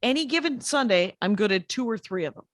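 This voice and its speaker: An older woman comedian talking fast and wryly in a casual podcast chat. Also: on the high side, expressive. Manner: fast-talking, wry, jokey. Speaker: guest comedian.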